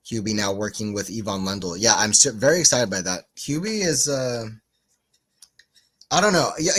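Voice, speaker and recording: A man's voice: lowish voice, fairly bright tone. A man giving casual live tennis commentary for a watchalong stream, just woken up, rambling into chatty asides between calls of the points. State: just woke up.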